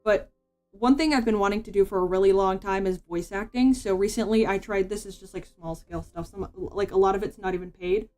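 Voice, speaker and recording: A woman's voice: mid-range voice, steady tone, a little fast, dark tone, soft background music. A woman streamer chatting casually while she draws, rambling with lots of "like" and false starts. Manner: rambling, full of "like" and restarts. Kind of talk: casual chat while drawing.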